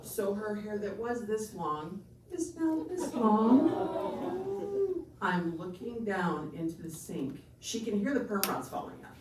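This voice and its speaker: A woman doing a stand-up comedy set, telling an animated story and acting out the other people's lines. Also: medium pitch, slow. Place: comedy venue stage. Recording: echoey room from far off, noisy.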